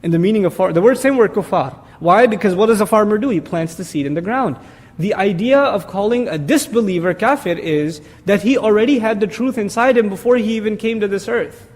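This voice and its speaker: A man giving an explanatory religious lecture as a teacher, animated and emphatic, with sarcastic asides. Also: high-pitched, a little fast, in a large hall. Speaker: Quran teacher.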